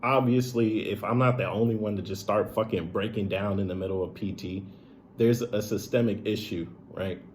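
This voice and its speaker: A man's voice: fairly low pitch, steady tone, moderate pace, a little hiss or hum. A man retelling a painful personal story in a casual, emotional, profane way, full of "like" and "bro". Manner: emotional, profane, filler-heavy, says "bro" often.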